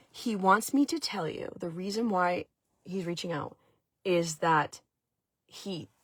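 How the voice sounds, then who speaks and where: Woman, husky voice, dry close sound, chatty storytelling, lots of fillers. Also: on the low side, dry recording. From Maine. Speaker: vlog host. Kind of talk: casual storytelling.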